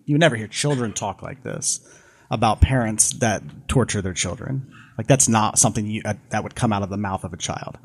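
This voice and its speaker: A man in a casual discussion, retelling a story in an animated way with many fillers and restarts. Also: fairly low pitch, fairly quick.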